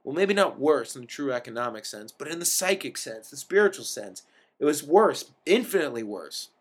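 A man reading a first-person story aloud, in a wry and expressive way that lifts into sudden emphatic bursts. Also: mid-range voice, a little fast. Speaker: reader of a story.

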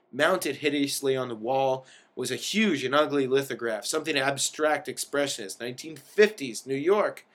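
A man's voice: mid-range voice, fairly bright tone. A man reading a first-person story aloud in a wry manner, lingering over descriptive words.

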